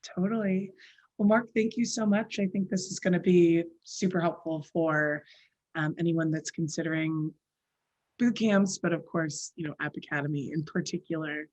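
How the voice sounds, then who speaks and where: Low-voiced woman interviewing a guest. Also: fairly even intonation, moderate pace, a little mellow, no room sound. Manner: friendly, meandering questions with fillers. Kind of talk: casual interview questions. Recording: dull dry lo-fi sound.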